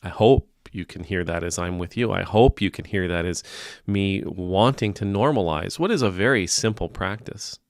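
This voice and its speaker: A man's voice: sits low, normal speed, no echo, clean studio sound. A man, a priest, giving casual spoken commentary in a wry, teasing, conversational way.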